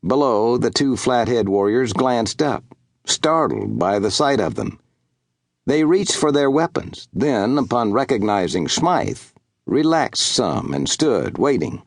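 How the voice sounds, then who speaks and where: Male audiobook narrator, western, unhurried and animated, dry close sound. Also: medium pitch, no echo. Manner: measured, expressive storytelling.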